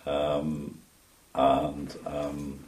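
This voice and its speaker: Low older Welsh man, reminiscing. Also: monotone, a little mellow. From Wales. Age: 70s. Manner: measured, with frequent ums and restarts. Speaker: interview guest. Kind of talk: reminiscing interview answers. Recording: roomy sound from a distance.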